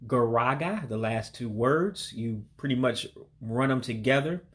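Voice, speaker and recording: A man giving a language lesson, patiently repeating vocabulary words slowly and breaking each one down. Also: mid-range voice, animated, a bit bright. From heritage learner of Igbo descent. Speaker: language learner teaching vocabulary.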